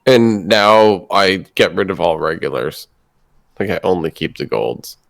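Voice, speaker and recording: A man co-hosting a podcast, chatting in a relaxed, agreeable way. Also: deep voice, measured pace, creaky. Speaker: podcast co-host. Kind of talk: casual chat.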